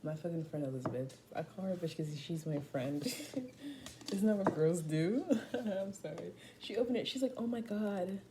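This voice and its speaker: Her voice is on the low side and her pace is normal, with background noise audible. The eighteen-year-old woman chats to camera in a casual vlog, swearing and using lots of slang as she tells animated stories.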